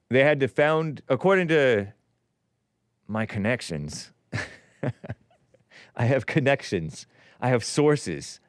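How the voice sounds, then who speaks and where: A man's voice: mid-range voice, clean tone, no echo, studio quality. A man hosting a call-in talk show, rambling and combative, laughing at his own jokes.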